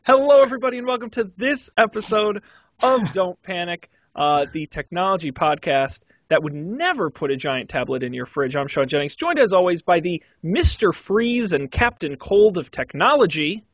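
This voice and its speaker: A man's voice: high voice, sing-song, moderate pace, a bit bright, dry recording, dull audio. A man hosting a tech podcast, with playful, jokey introductions. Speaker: podcast host.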